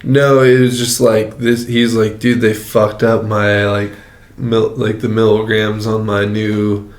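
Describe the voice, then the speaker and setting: A man's voice: lowish voice, flat delivery, slow. A young man chatting casually, laid-back and slangy, saying "dude" and "like" a lot. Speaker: guest. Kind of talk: casual chat. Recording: echoey room.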